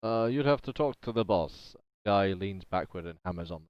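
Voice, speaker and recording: A man's voice: low-pitched, expressive, moderate pace, clean tone, no room sound. A man narrating as game master of a tabletop game, talking hesitantly with many fillers. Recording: dull lo-fi online audio.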